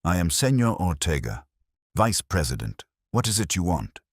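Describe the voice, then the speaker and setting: A man's voice: deep voice, big pitch swings, normal speed, no room sound, studio quality. A man voicing a tense male company vice president with accented, stiffly formal English. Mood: guarded.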